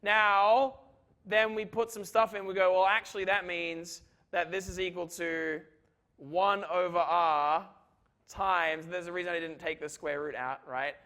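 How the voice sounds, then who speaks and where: Man, physics lecturer, high pitch, bright voice, chatty, jokey, keeps asking "right?". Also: steady tone, unhurried. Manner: chatty, joking, full of "right?" checks. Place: lecture hall.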